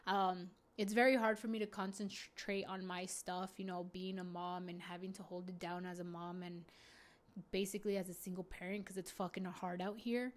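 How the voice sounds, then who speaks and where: A woman's voice: fairly low pitch, level tone, moderate pace. A woman in her twenties talking candidly and profanely to her viewers about self-care and being a mom. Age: 20s. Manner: casual, profane, heartfelt. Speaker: vlogger.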